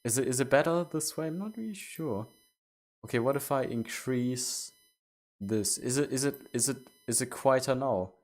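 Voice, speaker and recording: A man's voice: mid-range voice, normal speed. A man streaming a game, chatting casually with viewers, stumbling over and repeating his words while asking them questions. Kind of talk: casual live-stream chat.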